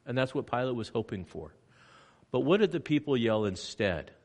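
A man preaching a sermon with slow, emphatic delivery, swinging between loud passages and hushed ones. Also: medium pitch, expressive. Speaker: pastor. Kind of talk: sermon on location.

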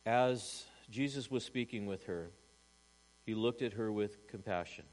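A man pastor preaching a sermon to a church congregation, swinging from loud emphasis to hushed asides and asking rhetorical questions. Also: fairly low pitch, measured pace, low-quality recording. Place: church service.

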